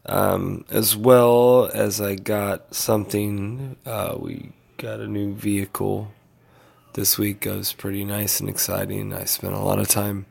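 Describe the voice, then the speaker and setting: Tired and yawning, this vlogger talks to his followers in an unhurried, low voice with little pitch movement, vocal fry, a darkish tone, and a breathy edge. The update is casual and loose, drifting along with plenty of fillers.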